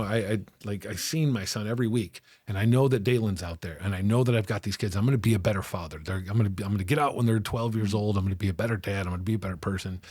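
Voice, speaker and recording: A man telling a hard personal story in a candid interview, animated, acting out the voices of people he quotes and often asking "right?". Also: on the low side, slightly rough, no room sound. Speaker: interview guest.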